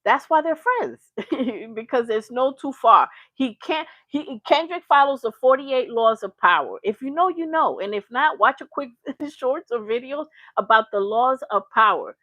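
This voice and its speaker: Animated woman hosting a live stream. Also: high voice, unhurried, dry recording. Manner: animated, emphatic, shouting out viewers. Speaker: livestream host. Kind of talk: live reaction stream chat.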